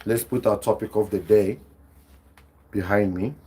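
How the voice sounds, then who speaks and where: A man's voice: on the low side, unhurried, breathy edge. A South African man hosting a livestream podcast, talking animatedly to his viewers and reading their chat. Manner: animated, laughing, addresses viewers as guys. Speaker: podcast host.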